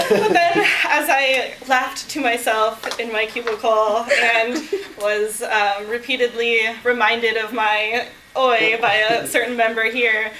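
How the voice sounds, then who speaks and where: A woman's voice: a little high, measured pace. A woman telling a personal story at a club meeting, laughing through her words. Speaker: impromptu speaker. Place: meeting room. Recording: loud audience and noise.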